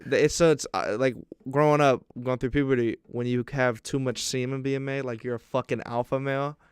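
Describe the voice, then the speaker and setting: A young man chats on a podcast, telling a profane story with animated energy and frequent laughter. His voice is smooth and resonant at a middle pitch. The sound is close and dry, with no room around it. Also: fairly quick, no room sound. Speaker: podcast co-host. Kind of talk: casual chat, storytelling.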